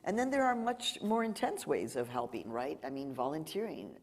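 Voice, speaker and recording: A woman's voice: deep voice, moderate pace, big-room sound, slight background noise. A journalist from Mexico, a woman, telling stories at a live library talk and acting out the people she quotes. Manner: animated storyteller, acts out quoted dialogue. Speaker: journalist, featured speaker. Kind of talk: live Q&A storytelling. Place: library event hall.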